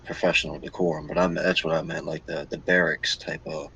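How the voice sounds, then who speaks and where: A man's voice: extremely low pitch, little pitch movement, brisk, creaky, sharp tone, muffled recording, slight background noise. A man co-hosting a podcast in a casual political chat, rambling as he asks long questions.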